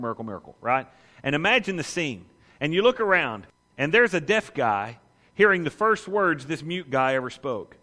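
Male pastor, sermon delivery, emphatic and animated, mid pitch, long hall reverb. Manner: animated, emphatic preaching with rhetorical "right?".

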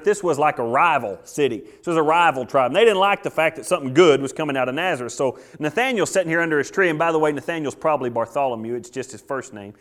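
Animated preaching man. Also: fairly high pitch. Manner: animated preaching with acted-out quotes. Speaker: pastor. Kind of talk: sermon.

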